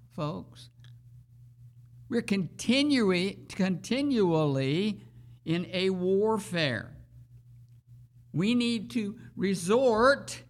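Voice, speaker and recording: A preacher reads scripture aloud and expounds on it in a sermon. The delivery is extremely slow and measured, with long pauses between phrases. Important words are repeated for emphasis. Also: medium pitch.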